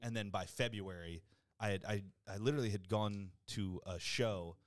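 A young man hosting a podcast, telling stories in an animated way, swearing a lot and mimicking other people. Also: fairly low pitch, normal speed, dry recording. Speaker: podcast host. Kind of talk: casual chat.

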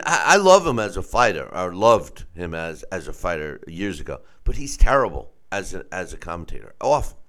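A man's voice: on the low side, a bit bright, clear, resonant tone. A man hosting a casual boxing commentary show, giving blunt, opinionated takes.

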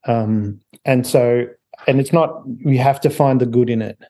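A man in a relaxed podcast interview, talking as the guest author. His voice is mellow and of middle pitch. He laughs easily and often starts sentences over. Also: measured pace. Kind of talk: casual interview talk.

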